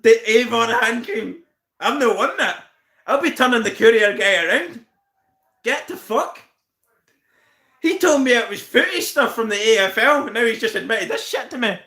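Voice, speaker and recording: Northern irish guy on a live stream, high voice, cursing and laughing while he roasts people in the chat. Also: expressive, moderate pace, vocal fry, bright, forceful tone, roomy sound. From Northern Ireland. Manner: laughs constantly, swears, teases viewers by name. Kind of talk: casual live stream banter.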